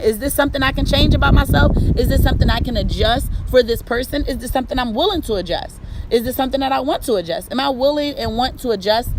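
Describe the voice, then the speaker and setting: A woman hosting a casual talk on relationships, blunt and profane, with a loud way of talking. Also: a little high, very noisy. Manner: blunt, profane, streetwise, conversational. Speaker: host.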